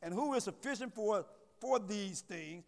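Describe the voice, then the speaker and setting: Pastor, male, high voice, call-and-response sermon, echoing church hall. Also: expressive, a little slow, gravelly. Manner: call-and-response preaching, repeats words, rising to loud emphasis. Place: church sanctuary. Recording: long reverb of a church hall.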